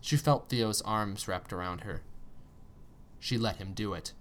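A man with a low, grounded voice reads a story aloud. He leans into the drama with tense pauses and pointed emphasis. A faint hiss sits under the recording. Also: a bit bright. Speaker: story reader. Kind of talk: expressive storytelling narration.

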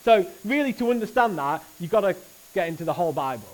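A man preaching a sermon at a church service, earnest and animated, often restarting his phrases. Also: high voice, fast, poor audio.

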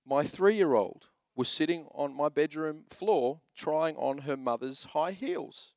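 Brief: lively male pastor in his thirties, joking sermon delivery, slightly high voice, dry close sound. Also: slow, vocal fry, no room sound. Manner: animated, joking storyteller who shifts into exhortation.

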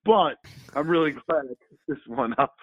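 A man co-hosting a podcast, retelling a comic in a rambling, animated way with many fillers. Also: a little high, normal speed, no room sound. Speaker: podcast co-host. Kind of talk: casual chat. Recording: phone-like, dry sound.

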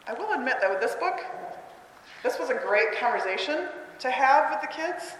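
Enthusiastic woman teacher, lively pitch, roomy reverb. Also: normal speed, a little hiss or hum. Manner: animated, enthusiastic teacher talk. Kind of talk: picture book read-aloud workshop. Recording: roomy hall with long echo.

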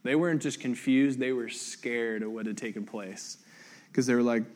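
A male pastor gives a relaxed, chatty sermon, his voice sitting at an ordinary middle pitch. He retells the story in everyday speech, full of "like" fillers, and briefly acts out each character's lines. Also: normal speed. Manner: conversational, acts out quoted voices, many "like" fillers. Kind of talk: casual sermon.

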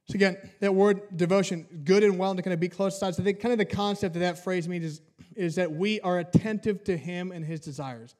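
Male pastor with a high voice, preaching with comic family anecdotes. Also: quick pace, a little mellow. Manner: humorous storytelling with acted-out family dialogue. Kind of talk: sermon.

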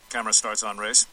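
An actor voicing a superhero bird-man attorney who pleads in a breathless, rapid-fire stream of legalese. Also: medium pitch, low-quality recording. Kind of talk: animated sitcom courtroom speech. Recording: loud music under a cartoon clip.

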